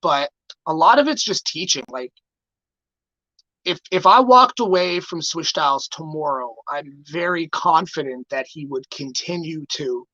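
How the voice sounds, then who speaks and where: Brief: man, studio guest, salty storyteller. Bright, sharp tone in a dry room with slightly muffled sound. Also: on the high side, no room sound. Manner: swears freely, acts out quoted dialogue. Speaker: guest entrepreneur and artist manager. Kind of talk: casual storytelling chat.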